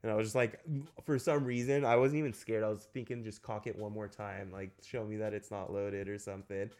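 Fast-talking lowish young man, casual chat. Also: flat delivery, darkish tone. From Los Angeles. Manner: profane, rambling storytelling full of "like".

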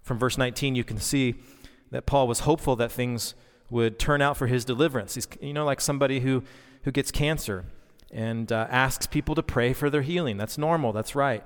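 Earnest pastor preaching in a hall. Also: male voice, mid-range voice, a little fast, few pauses, smooth. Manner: earnest, conversational preaching with fillers. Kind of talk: sermon. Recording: long reverb, hall-like.

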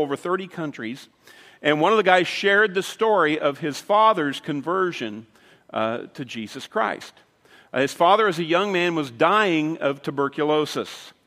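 Pastor preaching in an echoing sanctuary. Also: male voice, fairly high pitch, fairly bright tone. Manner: storytelling, conversational with dramatic emphasis. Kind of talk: sermon. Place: church sanctuary. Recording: long reverb of a large hall.

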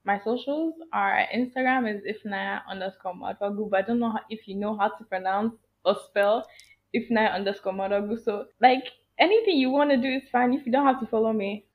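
An animated, emphatic woman chatting as a podcast guest, laughing often. Her voice comes through a thin, phone-like line. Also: a little high, fairly quick. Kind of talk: casual chat. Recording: tinny phone-like sound.

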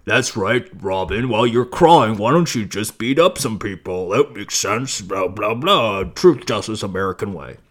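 A man's voice: on the low side, lively intonation, normal speed, few pauses, voice pushed down. A man putting on the voice of a smug billionaire mentor, sarcastic and dismissive toward a crying boy. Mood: mocking.

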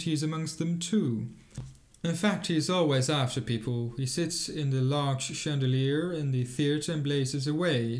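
A man narrating a fairy tale in a measured, expressive storybook reading. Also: a little high.

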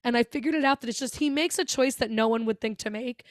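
Gushing, higher-voiced woman podcaster. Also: fast, no room sound, studio quality. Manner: gushing, swears freely, laughs often. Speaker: podcast co-host. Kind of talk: casual movie chat.

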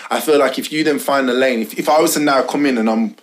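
A man's voice: mid-range voice, fast. A man co-hosting a podcast, chatting in a rambling, teasing way with many restarts. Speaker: podcast co-host. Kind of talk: casual chat.

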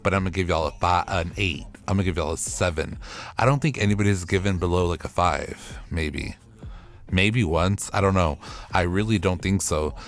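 A man's voice: low voice, normal speed. A man hosting a podcast recap, ranting in a profane, sassy and exasperated way. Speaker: podcast host recapping a TV show. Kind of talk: casual solo recap rant.

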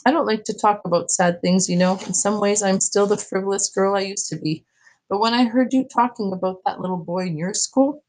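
A woman reading aloud from a novel, voicing a gentle, kindly elderly grandmother who speaks softly and tenderly. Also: medium pitch, natural voice, low-quality recording. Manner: soft, tender storytelling.

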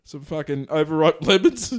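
A man co-hosting a loose comedy podcast, laughing through his crude banter. His voice sits a little high for a man and swings widely up and down as he riffs. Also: animated, normal speed. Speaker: podcast co-host. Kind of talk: casual comedic chat.

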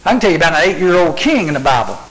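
A man's voice: on the high side, big pitch swings, racing, fairly bright tone, poor audio. A man preaching a youth sermon, acting out scenes as a live demonstration and asking rhetorical questions. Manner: dramatic storytelling with rhetorical questions. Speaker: youth speaker.

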